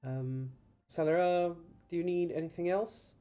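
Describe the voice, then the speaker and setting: A man's voice: a little high, unhurried, dark tone, clear, resonant tone, lo-fi sound, voice pushed up, natural voice. A man voicing a polite, friendly woman innkeeper in a tabletop game. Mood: welcoming.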